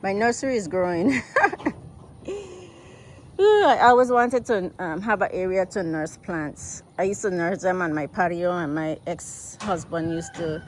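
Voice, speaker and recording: A woman's voice: fairly low pitch, moderate pace. An American woman from the United States giving a casual, easygoing walking tour of her rural homestead and talking straight to her viewers, recorded outdoors on a handheld phone. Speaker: vlogger. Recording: loud outdoor background noise.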